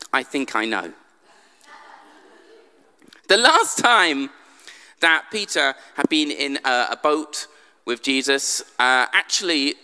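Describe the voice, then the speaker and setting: A man's voice: fairly high pitch, pushed and bright. A man preaching a humorous sermon in a church, telling the story with dry jokes. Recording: long church hall reverb.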